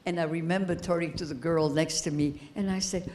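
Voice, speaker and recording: A woman in her eighties giving a personal testimony as keynote speaker, slow and halting, repeating phrases as she grows emotional. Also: deep voice, steady tone, darkish tone. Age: 80s. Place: high school event hall.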